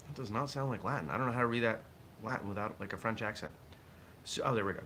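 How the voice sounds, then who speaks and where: Low-voiced bright-toned man hosting a morning show. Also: fast, slight background noise. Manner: reflective, thinks aloud with restarts. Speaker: host of a martial arts morning show. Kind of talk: casual morning livestream talk.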